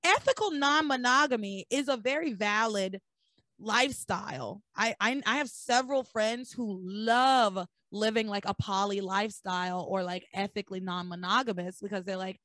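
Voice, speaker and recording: A young woman casually recapping soap opera episodes as a podcast host, acting out the characters' lines in lowered voices. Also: normal speed, no room sound. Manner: animated storyteller acting out dialogue in lowered voices. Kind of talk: casual chat.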